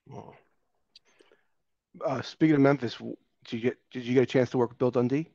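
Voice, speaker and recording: A man's voice: medium pitch, steady tone, a little fast, gravelly, dark tone, no echo. A man hosting a casual interview, eager and chatty as he tells his own stories. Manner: eager and chatty, laughs along. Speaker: podcast host. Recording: dull lo-fi, dry.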